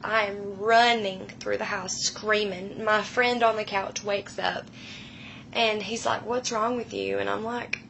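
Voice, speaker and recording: A woman in her thirties tells a frightening personal story slowly, her voice gravelly and bright. She speaks with emotion and often sinks to a hush. Faint noise sits behind her. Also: medium pitch, steady tone, highs cut off. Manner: slow, hushed, emotional retelling that drops to whispers.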